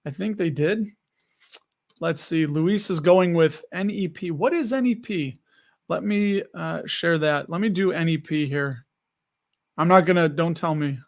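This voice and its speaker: Speaking a little slowly in a voice on the high side, a man from the United States hosts a live stream about investing. He keeps the chat loose and reads comments from viewers aloud.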